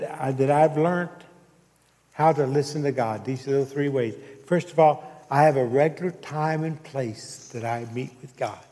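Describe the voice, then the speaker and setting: A man's voice: medium pitch, warm tone, in a large hall. A man preaching a sermon, telling a story and checking in with his congregation as he goes. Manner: preaching with call-outs to the congregation. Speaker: pastor.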